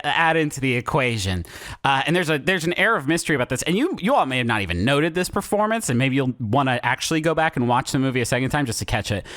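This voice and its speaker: A man co-hosting a podcast, chatting comedically in a meandering, animated way with many filler pauses. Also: medium pitch, no echo, studio quality. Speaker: podcast co-host. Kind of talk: casual comedic chat.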